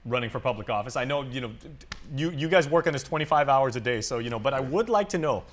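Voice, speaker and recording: A man hosting a live TV talk show in a studio, asking quick joking questions of his guests. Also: medium pitch, expressive. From Guam. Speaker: host.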